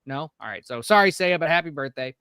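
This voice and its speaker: Upbeat high-voiced man greeting the chat. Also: animated, fast talker, sharp tone, smooth, dry recording, studio quality. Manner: rambling with frequent fillers and restarts. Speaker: podcast co-host. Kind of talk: casual live-stream chat.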